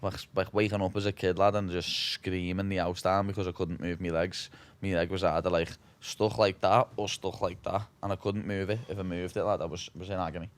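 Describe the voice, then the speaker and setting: A man's voice: low-pitched, flat delivery, brisk, few pauses. A man in his twenties from Liverpool with a Scouse accent, telling stories in a casual interview, swearing freely and saying "lad" constantly. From Liverpool, England. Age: 20s. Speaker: guest, fighter.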